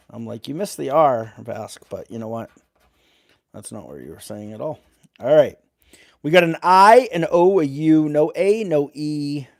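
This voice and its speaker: A man's voice: medium pitch, darkish tone, dry recording, clean studio sound. A man hosting a casual live stream, reading letters aloud and greeting chat viewers.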